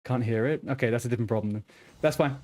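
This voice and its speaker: A man's voice: mid-range voice, racing, darkish tone. A man streaming a game, chatting casually to viewers, swearing often and restarting his sentences. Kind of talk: casual live-stream chat.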